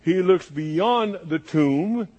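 A man's voice: high voice, lively intonation, very slow, darkish tone, highs cut off. A man preaching a sermon, building dramatic repeated lists and acting out spoken scenes.

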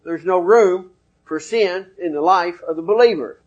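High-voiced folksy male preacher. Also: measured pace, muffled recording. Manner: folksy, conversational preaching with scripture references. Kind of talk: sermon.

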